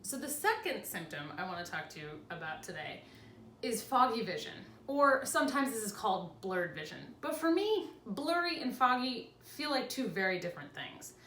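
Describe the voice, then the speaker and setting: Lively, higher-pitched woman vlogging at home. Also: moderate pace, far from the mic, a little hiss or hum. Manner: chatty, animated, laughs easily. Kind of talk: casual explanatory vlog. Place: home room with cats. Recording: echoey room with faint ambience.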